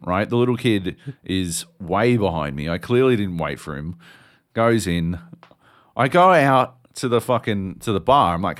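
A man, co-hosting a podcast and telling a story in an animated, swearing way. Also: lowish voice. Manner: animated, swears a lot, acts out voices. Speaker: podcast co-host. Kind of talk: casual storytelling chat.

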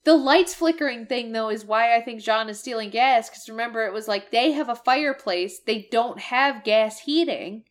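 A woman with a fairly high voice co-hosts a casual podcast. She rants and swears freely, dropping into quick mimicry of game characters. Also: soft background music. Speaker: podcast co-host. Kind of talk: casual game-review chat.

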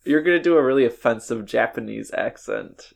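A man's voice: medium pitch, fairly quick, vocal fry. A man co-hosting a casual comedy podcast, sniffly with a cold, easygoing and laughing along. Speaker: podcast co-host.

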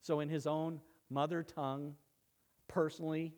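A man's voice: a little high, level tone, normal speed, darkish tone. A male pastor preaching a sermon, dramatic and conversational, acting out quoted lines and making asides. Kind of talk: expository sermon.

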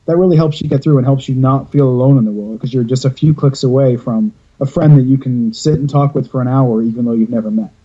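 Dark husky man on a lo-fi call. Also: medium pitch. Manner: rambling storyteller, swears freely. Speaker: podcast host. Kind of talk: casual podcast chat. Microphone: video call.

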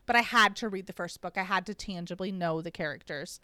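A woman's voice: lowish voice, a little fast, sharp tone, no room sound. Chatty woman co-host, dry close sound. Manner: chatty, rambling storyteller. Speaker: podcast co-host. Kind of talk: casual chat.

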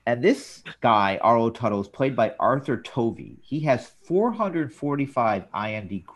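A man hosting a casual talk show, recapping scenes and jumping into quoted lines with an animated delivery. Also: moderate pace. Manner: animated, jumps up in pitch for quoted characters. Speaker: podcast host.

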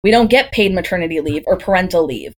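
A woman's voice: fairly low pitch, animated, fast. A woman in her thirties from Wisconsin, a doula guest on a podcast, talking in a chatty way full of stories and rhetorical questions. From Green Bay, Wisconsin, USA. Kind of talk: casual podcast conversation.

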